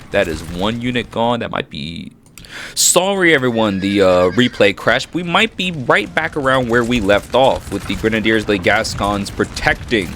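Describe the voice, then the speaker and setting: A man giving casual, excitable commentary over a strategy game battle, reacting with frequent exclamations. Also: lowish voice. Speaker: gaming commentator. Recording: noisy with battle sounds behind. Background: gunfire and battle noise from the game.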